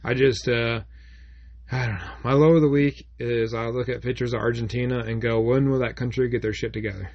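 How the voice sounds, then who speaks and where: A man's voice: mid-range voice, fairly even intonation, brisk. A man from Michigan co-hosting a podcast, talking in a blunt, joking, profane way. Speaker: podcast co-host. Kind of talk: casual chat. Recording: dull lo-fi sound.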